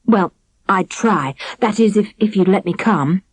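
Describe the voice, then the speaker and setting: A woman's voice: mid-range voice, a little slow, breathy edge, no room sound. Casual: lady doing a shy nice young guy servant, bit bashful, dry close sound. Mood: shy friendly. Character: shy, kind young male castle servant.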